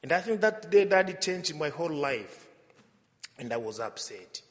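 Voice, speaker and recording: A man's voice: fairly high pitch, sing-song, normal speed. A man with a Tanzanian accent, a visiting missionary priest giving a homily with an anecdotal, hesitant delivery. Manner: warm storytelling with frequent hesitations and laughs. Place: church. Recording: long church reverb.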